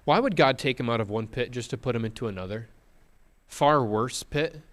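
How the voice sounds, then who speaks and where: A male preacher retells a scripture story as a sermon, slowing for dramatic pauses and putting rhetorical questions to his listeners. His voice is an ordinary middle pitch and a bit bright.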